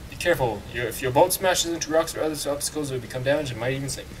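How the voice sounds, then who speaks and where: A man's voice: mid-range voice, rapid-fire, distant mic, slight background noise, lightly acted, poor audio. A man doing a mock British tutorial narrator. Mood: mock formal. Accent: put-on British.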